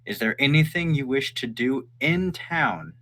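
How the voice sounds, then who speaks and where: A man narrating as game master in a relaxed, chatty way, voicing the people the players meet. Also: medium pitch, measured pace.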